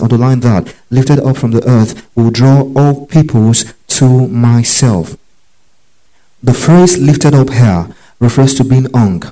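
Mellow-voiced man teaching scripture verse by verse. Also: medium pitch, rough recording. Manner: methodical, tells listeners to underline verses and spells out words; checks understanding with quick questions. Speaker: preacher. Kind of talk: Bible teaching sermon.

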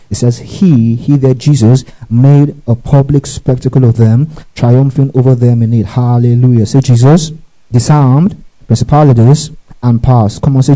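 A male preacher delivers a teaching sermon in a very dark, mellow voice at a middling pitch. He walks through scripture line by line and keeps checking in with his listeners, prompting them to repeat phrases after him. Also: rough recording. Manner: teaching with scripture references, frequent call-and-response prompts.

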